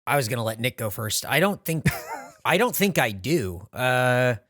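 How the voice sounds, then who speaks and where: A man tells an anecdote sheepishly, laughing at himself as he goes. His voice is bright and lively, with a close, dry sound. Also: mid-range voice, normal speed, no room sound. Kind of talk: casual chat.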